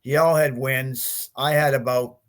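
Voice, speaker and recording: Male podcast guest, fifties, mid-pitched, animated storyteller who acts out the dialogue. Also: a little slow. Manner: animated storyteller, acts out his own quotes, laughs often. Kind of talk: storytelling interview.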